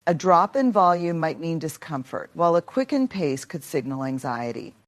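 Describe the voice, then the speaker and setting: Woman narrator with a low voice, measured delivery that leans on key words, scripted motivational talk. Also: expressive.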